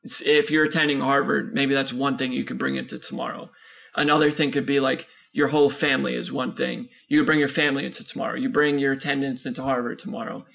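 Man, gravelly voice, bright tone, slangy rambling chat, muffled lo-fi sound. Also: medium pitch. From San Diego area. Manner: laid-back, rambling, slangy. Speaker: podcast co-host. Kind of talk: casual chat. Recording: muffled lo-fi audio.

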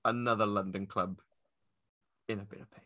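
A man's voice: fairly low pitch, fairly even intonation, normal speed, sharp tone, highs cut off. A man hosting a football podcast who teases his guest and laughs often. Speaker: podcast host. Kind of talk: casual chat.

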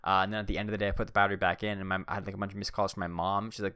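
Talking very fast with few pauses, a young man hosts a podcast from a swivel chair indoors, spinning rambling, self-deprecating tales with joking asides. His voice is on the low side and smooth, pushed and bright, with little pitch movement. The sound is clean studio audio without echo.

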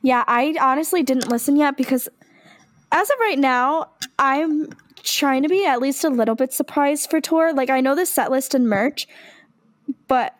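A young woman co-hosting a casual podcast, her voice sitting high. She gushes excitedly about music and tours and tosses in casual swearing. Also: normal speed. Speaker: podcast co-host. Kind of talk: casual chat.

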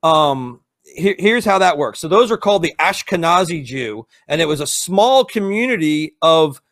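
A high-pitched man argues hard on a live stream, cursing often and mocking the other side with sarcasm. His voice sits well above most men's, and he talks fast when he gets going. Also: a bit bright. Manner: profane, combative, sarcastic. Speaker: co-host. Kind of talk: heated live-stream debate.

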